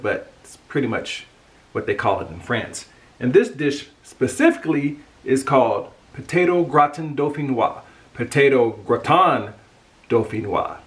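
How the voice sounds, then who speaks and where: Cooking channel host, man from the US, chatty and upbeat, mid-pitched, everyday voice. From United States. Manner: chatty, upbeat, jokes about pronunciation. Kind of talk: casual cooking talk to camera.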